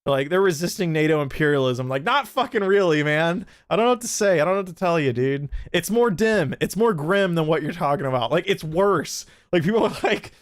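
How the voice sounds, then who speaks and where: Profane, animated young man streaming. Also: fairly high pitch, a little fast, few pauses, dry recording, clean studio sound. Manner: profane, animated, restless restarts. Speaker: streamer host. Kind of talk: casual livestream chat.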